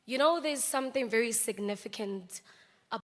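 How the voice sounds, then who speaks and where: A woman's voice: fairly high pitch, normal speed, a bit bright. A South African woman, an actress, giving a memorial eulogy, telling anecdotal stories that mix languages, with laughs between stories. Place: large memorial hall. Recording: long hall reverb.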